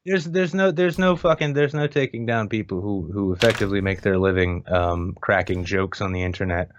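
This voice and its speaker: A man's voice: fairly low pitch, brisk, a little hiss or hum. A man co-hosting a podcast, talking in a dry, sardonic way with swearing. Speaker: podcast co-host. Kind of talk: sardonic casual chat. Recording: dry, dull lo-fi mic.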